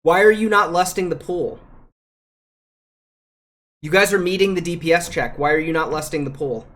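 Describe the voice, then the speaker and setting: A man's voice: a little high, moderate pace, fairly bright tone. Male streamer reviewing raid footage live; foul-mouthed, heated, repetitive, slangy. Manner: profane, heated ranting; repeats phrases, slangy with "bro" and "dude".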